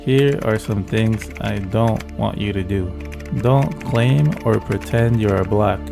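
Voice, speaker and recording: A man delivers comic commentary in a dry, mock-serious tone. His voice sits low with a gravelly fry. Faint music plays underneath. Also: takes it slowly. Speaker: video host. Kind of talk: comedic commentary.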